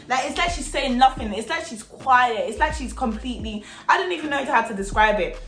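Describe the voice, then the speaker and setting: Animated young woman telling a story. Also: on the high side. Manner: animated, slangy, acts out the scenes. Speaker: vlogger. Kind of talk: storytime vlog. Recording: echoey room.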